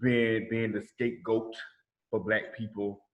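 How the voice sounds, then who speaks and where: Guest, man, late 20s, from Alabama; low voice, halting delivery, echoey lo-fi audio. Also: level tone. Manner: stumbling, repeats words, self-described speech impediment. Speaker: guest, food blogger. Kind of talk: casual interview chat.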